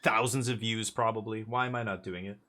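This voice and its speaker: A man's voice: lowish voice, steady tone, brisk, bright, forceful tone. A man chatting casually as he streams a card game, rambling with jokey asides. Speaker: live streamer. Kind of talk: casual gameplay commentary.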